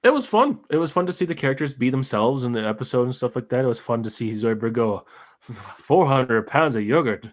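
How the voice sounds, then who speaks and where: A man co-hosting a podcast, chatting casually about an episode and chiming in with short agreements. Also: mid-range voice. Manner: quick agreeing interjections. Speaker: podcast co-host. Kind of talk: casual review chat.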